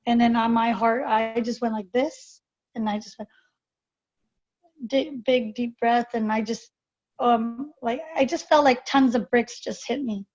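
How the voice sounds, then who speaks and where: A woman guest telling a personal story in an interview, halting and hesitant with many fillers and restarts. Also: a little high, steady tone, darkish tone. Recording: dull lo-fi recording.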